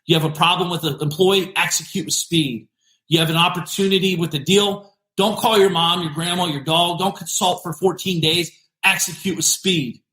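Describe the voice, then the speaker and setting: A male podcast host giving an energetic, emphatic motivational business talk, repeating punchy phrases. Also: sits high, moderate pace, roomy sound.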